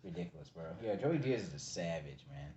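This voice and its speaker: Fast slangy man in an echoey room. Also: sits low, sing-song, lo-fi sound, background noise. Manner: fast, slangy, says bro a lot. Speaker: reaction video host. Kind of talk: casual reaction chat.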